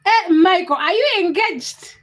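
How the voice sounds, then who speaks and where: A young woman with a high, bright voice hosts a casual livestream. She chats with viewers by name, teasing them and giggling as she reads the comments. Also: animated, measured pace. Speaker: livestream host.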